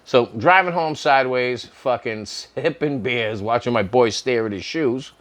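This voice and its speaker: A man's voice: mid-range voice, a little slow. A middle-aged man casually telling a personal story to camera, swearing freely and laughing often. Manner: profane, laughing often, animated.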